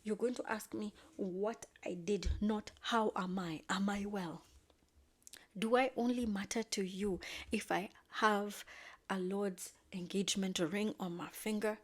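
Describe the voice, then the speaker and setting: A woman voicing a middle-aged society mother, shrill, exasperated and sassy. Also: steady tone, measured pace, breathy edge. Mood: indignant.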